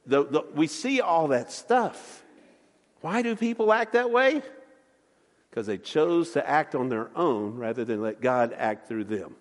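Brief: high-voiced male pastor, folksy sermon with acted-out voices, church hall reverb. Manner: folksy preaching, acts out voices in stories. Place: church sanctuary.

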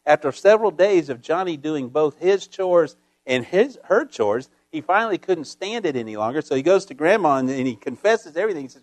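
Man, pastor, sermon, folksy storytelling, higher voice, dry sound. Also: lively intonation, fairly quick, few pauses, no echo. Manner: folksy storytelling with calls of amen.

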